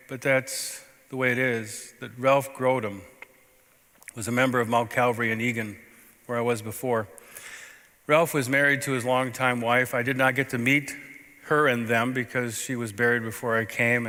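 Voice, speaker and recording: A man preaching a sermon as a pastor, telling a story in a conversational way with sudden swings between loud and soft. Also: medium pitch. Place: church sanctuary. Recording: long reverb of a church sanctuary.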